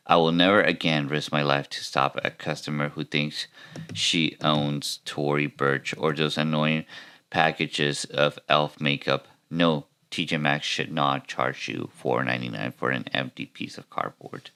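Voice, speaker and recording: A man's voice: a bass voice, steady tone, unhurried, sharp tone, smooth. A man hosting a podcast, ranting about retail work in a wry, self-mocking way with rambling asides. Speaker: podcast host. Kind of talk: comedic retail-work rant and video reactions.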